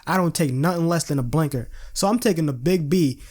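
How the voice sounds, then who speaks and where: A man's voice: on the high side, fairly quick, a little mellow. A young adult man telling a casual storytime with lots of slang and swearing, laughing as he goes. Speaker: vlogger.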